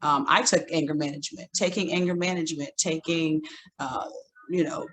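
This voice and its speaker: A woman guest in a casual conversation, speaking thoughtfully in a halting way. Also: low-pitched, fairly even intonation, a bit bright. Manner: thoughtful, halting, with restarts and fillers.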